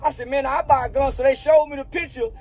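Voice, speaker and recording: A man's voice: very high-pitched, fairly even intonation, fairly quick, a little mellow. A man telling a profane anecdote and acting out the voices of the people in it. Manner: drawling, profane, switches into other people's voices. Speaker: storyteller in a played clip. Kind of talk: animated anecdote with acted-out dialogue.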